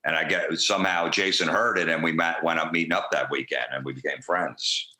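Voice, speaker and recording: A comedian being interviewed, telling rambling, profane, laid-back anecdotes in a casual way. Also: male voice, extremely low pitch, fairly even intonation, brisk, pushed and bright, roomy sound. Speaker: comedian guest.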